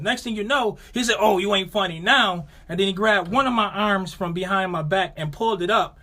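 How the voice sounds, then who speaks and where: A man's voice: high voice, fairly quick, few pauses. A man with a Buffalo, New York accent, co-hosting a podcast, telling a story in casual chat and acting out quotes with a raised voice. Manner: animated, acts out quotes with raised voice. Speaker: podcast co-host.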